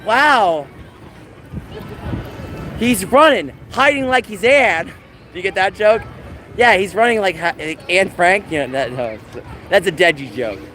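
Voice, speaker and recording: A man livestreaming from outdoors, talking to chat in an animated, mocking, sarcastic way. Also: high-pitched, moderate pace, some chatter behind. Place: outdoors in a busy public area. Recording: outdoor street noise with passing vehicles.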